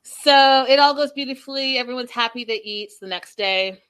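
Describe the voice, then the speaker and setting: Talking to her viewers on a gossipy reality recap show, this host is chatty and a little petty. She has a high, smooth, slightly bright voice and speaks at a moderate pace.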